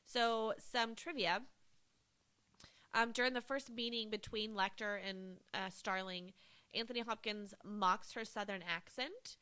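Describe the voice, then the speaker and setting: A woman's voice: mid-range voice, fairly even intonation, measured pace, bright, forceful tone, clean tone. A woman co-hosting a casual movie podcast, gushing with enthusiasm and peppering her talk with "like" and "um.". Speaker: podcast co-host.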